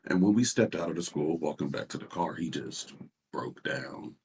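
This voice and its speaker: Call-in guest: a man with a very deep, husky voice. He is soft-spoken and halting, and sits back from his mic. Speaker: caller. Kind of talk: casual call-in chat. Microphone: voice call mic held too far away.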